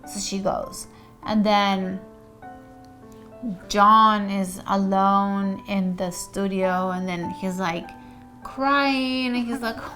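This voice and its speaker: A woman's voice: mid-range voice, steady tone, very slow, fairly bright tone, faint music behind. A young woman casually retelling a play, rambling with lots of "like" and "um". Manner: rambling, many "like" fillers.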